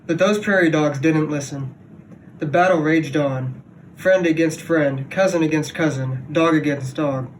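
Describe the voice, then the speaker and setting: Young man reading a storybook, higher voice. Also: measured pace, recorded from a distance, slight background noise, poor audio. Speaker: team member reading aloud. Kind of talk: storybook read-aloud.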